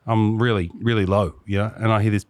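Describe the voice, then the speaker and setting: Animated Australian man telling a story. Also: quick pace, no room sound. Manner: animated, acts out quotes with big pitch jumps. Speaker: podcast co-host. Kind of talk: casual storytelling chat.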